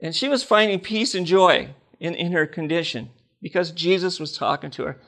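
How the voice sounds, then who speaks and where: Older man, preacher, testimony sermon, high voice, gravelly, animated storytelling. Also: normal speed. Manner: animated storytelling, laughing, acting out dialogue.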